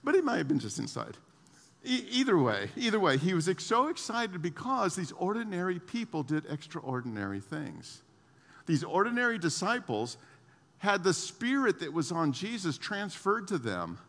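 A man preaching a sermon to his church, animated, laughing often and repeating his words. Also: high-pitched, moderate pace, creaky, big-room sound. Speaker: pastor.

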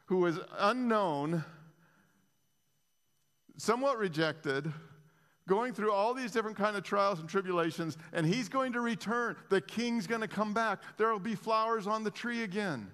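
A man preaching an impassioned sermon as pastor, dropping to a hush and then rising again, often restarting his phrases. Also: high voice, big-room sound. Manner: impassioned, swinging between hushed and raised, frequent restarts.

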